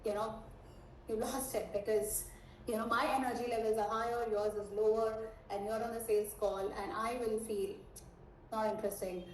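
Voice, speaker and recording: A high-energy woman coaching a live online sales class, her voice pitched fairly high. She checks in with her listeners constantly as she explains. The sound is roomy and echoey, with the mic set some distance away and faint room noise behind her. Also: flat delivery, normal speed. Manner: checks in often with the audience.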